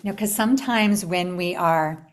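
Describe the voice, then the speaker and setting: Animated woman hosting a spiritual retreat talk. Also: on the low side, normal speed. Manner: animated storytelling with upbeat invitations and soft hushed stretches. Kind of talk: live online talk to a group.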